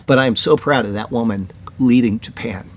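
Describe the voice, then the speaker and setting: A man's voice: mid-range voice, fairly quick. A man hosting a weekly news commentary show, chatty and opinionated, with rambling personal asides. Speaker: host of a weekly prophecy news report.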